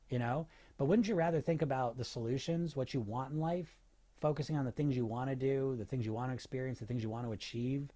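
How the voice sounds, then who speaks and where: Animated male weight loss coach. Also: mid-range voice. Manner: animated, asks rhetorical questions, fillers and restarts. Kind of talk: casual motivational talk.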